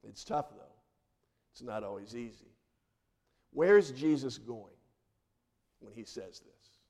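Male pastor, middle-aged, mid-pitched warm voice, earnest sermon delivery that sinks to a hush for emphasis. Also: big pitch swings, slow pace, pauses often. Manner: earnest preaching with dramatic soft drops.

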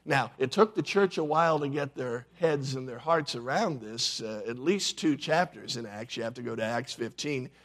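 A man preaching a sermon, telling the story in a dramatic way with sudden drops from loud to hushed. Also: medium pitch, moderate pace, few pauses. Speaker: pastor.

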